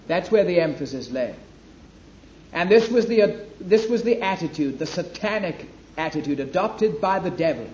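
A man preaching a sermon, emphatic, rising to loud declamation when he reads scripture. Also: sits high, animated, normal speed. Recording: echoey hall, dull lo-fi, faint ambience.

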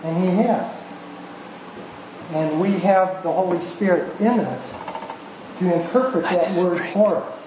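A man's voice: high-pitched, a little slow, pauses often. Earnest man speaking from the audience. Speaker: audience member. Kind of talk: comment from the audience. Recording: roomy, muffled, noisy audience recording.

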